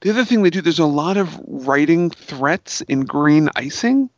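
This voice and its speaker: A man's voice: on the high side, lively intonation, normal speed, dry recording. A man talking about a movie in a loose, giggly way, his voice sitting slightly above the usual male range. He retells scenes with little put-on voices. The recording is dull and dry, with no room sound. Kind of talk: casual film chat.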